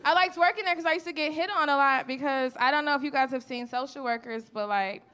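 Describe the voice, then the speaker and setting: A woman's voice: high-pitched, quick pace, bright, forceful tone. A woman doing a stand-up comedy set, telling stories in a brash, profane, conversational way on a club stage. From Chicago. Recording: live comedy club with audience laughter. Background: audience laughter and room murmur.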